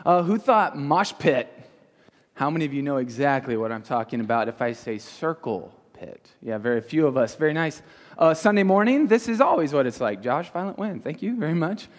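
A man's voice: a little high, very animated. A man leading a youth group as their pastor, teaching interactively and firing question after question at the audience. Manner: asks the audience many quick questions. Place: large hall with an audience. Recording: reverberant hall.

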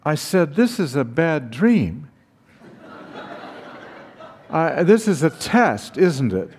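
An older man slowly telling a personal story, acting out the dialogue with dramatic pauses. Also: a little high, very animated, a little mellow, slight background noise. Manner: slow, dramatic retelling with acted dialogue. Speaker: speaker recounting his teaching past.

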